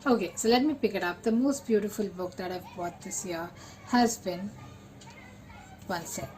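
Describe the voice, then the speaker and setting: A young woman, talking casually as a book vlogger, full of fillers and repeats, with excited bursts. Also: medium pitch, normal speed, rough recording. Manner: chatty, lots of fillers and repeats. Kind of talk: casual chat.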